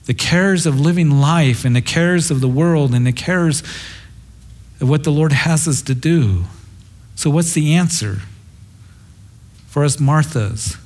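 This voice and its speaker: A man's voice: on the high side, a little slow, pauses often, a little mellow. A middle-aged man preaching a sermon as a pastor, earnest and reflective, quoting scripture in a tender way.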